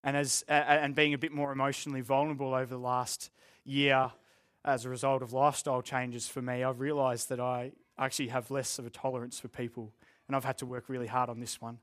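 A man's voice: medium pitch, flat delivery, fairly quick, a bit bright. Man, Australian accent, young, pastor, sermon, earnest, self-deprecating. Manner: earnest, candid and self-deprecating, with joking asides. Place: church room with a live congregation.

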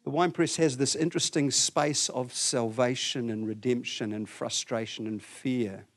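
A man gives a conversational sermon, asking his listeners questions and shifting between loud, emphatic passages and quiet, low ones. His tone is steady and his pace measured.

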